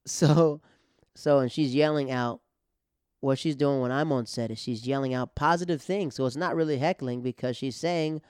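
A male comedian rambles through a story in a smooth, resonant voice at an ordinary pitch. The sound is close and dry, with no room around it. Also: moderate pace, no echo. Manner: rambling with restarts, acting out the other people. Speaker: stand-up comedian. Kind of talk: casual storytelling.

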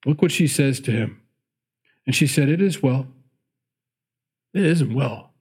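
A man's voice: mid-range voice, animated, a little slow, long pauses, slightly rough. A man preaching a sermon, reading scripture aloud and breaking off into chatty asides, correcting himself as he goes. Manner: chatty asides between read verses, self-correcting.

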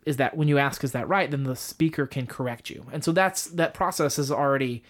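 A man's voice: mid-range voice, brisk. A middle-aged man explains a communication method on a podcast in plain steps. He keeps it casual and jokes at his own expense now and then. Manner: explains step by step, self-deprecating humor. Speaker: marriage communication teacher.

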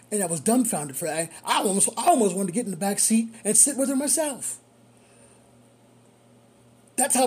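A man who works as a rideshare driver, telling a story in a casual, animated way and chuckling often. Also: sits high, husky.

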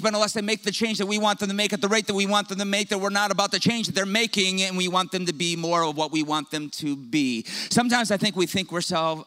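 A young man preaching a sermon as pastor, telling stories with humor and quick asides to the congregation. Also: sits high, clean tone. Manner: conversational storytelling with humor, lively asides.

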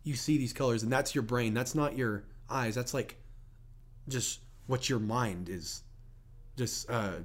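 A man, co-hosting a podcast in casual, animated chat and swearing a lot. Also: medium pitch, measured pace. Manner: animated, swearing, laughing often. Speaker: podcast co-host.

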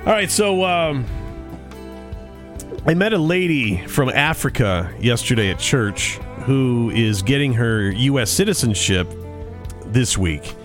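Male podcast co-host, mid-pitched and rambling, casual storyteller, faint music underneath. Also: expressive, slow. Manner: rambling, conversational storytelling with frequent restarts.

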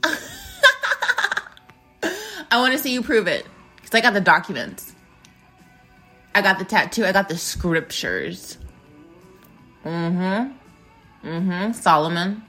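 A woman hosting her own podcast, talking in a loose, rambling monologue full of swearing and shout-outs to listeners. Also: fairly low pitch, expressive, takes it slowly, long pauses, soft background music. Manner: profane, rambling, jokey. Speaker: podcast host. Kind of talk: casual monologue.

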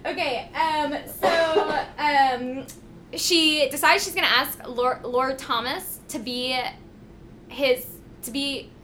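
A woman's voice: high-pitched, slow, a little hiss or hum. A young adult woman co-hosting a podcast, chatting casually and giggling as she retells a book. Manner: giggly, animated storytelling. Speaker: podcast co-host. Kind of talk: casual chat about a book.

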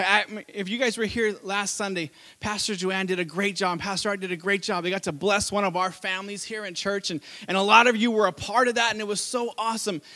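Bright, high-voiced storytelling pastor, a man. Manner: animated, laughing at his own story. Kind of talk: storytelling sermon.

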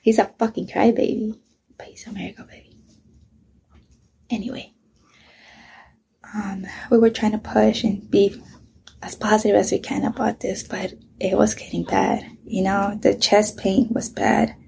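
A woman's voice: mid-range voice, flat delivery, a little slow, vocal fry, warm tone, a little hiss or hum. A woman in her thirties, speaking bluntly and with lots of swearing, who often drops to a whisper while telling her story. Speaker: vlogger. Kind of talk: casual storytelling.

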